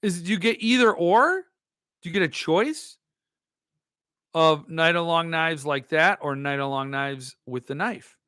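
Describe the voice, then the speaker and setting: Bright, jokey man hosting a podcast. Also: a little high, measured pace, clean tone, no room sound, studio quality. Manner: jokey, self-mocking, animated. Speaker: podcast host. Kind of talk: casual chat reading viewer comments.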